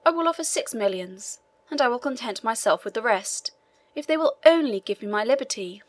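A woman's voice: a little high, animated, brisk. A woman reading a pleading imprisoned old priest.

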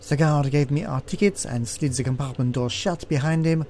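A man hosting a let's play, reading a text adventure aloud in an expressive way with casual asides. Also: a little high, normal speed, a little hiss or hum.

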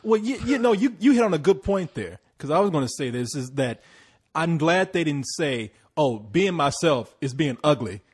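A husky-voiced American man talks through a movie review at length, pressing his points hard. His voice sits a little high for a man. He keeps the chat moving and breaks into laughs. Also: expressive, brisk, darkish tone. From United States. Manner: talkative, emphatic, laughs often. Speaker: podcast co-host.

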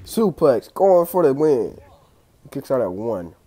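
A young man casually commentating his own wrestling video game play, excitable and slangy, trash-talking the opponents, with a clogged throat. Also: medium pitch, measured pace, breathy edge. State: congested throat. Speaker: gaming channel host.

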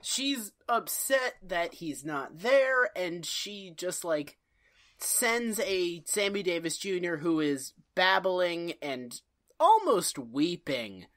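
A woman's voice: on the low side, slow pace. Woman on a comedy podcast, voice swings up and down a lot, laughs a bunch, hams up the quotes. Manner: expressive, laughing, dramatic acted-out quotes. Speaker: podcast co-host or guest. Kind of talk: casual comedic recap chat.

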